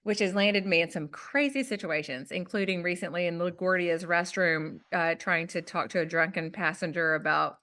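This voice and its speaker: A woman with a Southern US accent, a guest author telling a personal story in an animated, self-deprecating way in a podcast interview. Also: fairly low pitch, normal speed, hardly any pauses.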